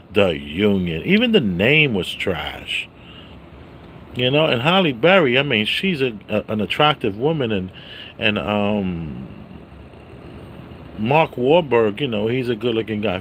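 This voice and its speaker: A man reviewing a movie on a casual livestream, greeting viewers by name and loudly repeating his catchphrases. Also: on the low side, very animated, unhurried, a little hiss or hum.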